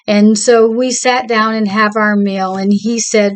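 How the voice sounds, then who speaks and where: A woman telling a gentle personal story from her church, her voice lifting when she quotes others. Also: mid-range voice, rough recording. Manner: slow, gentle, animated when quoting. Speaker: church member sharing a story.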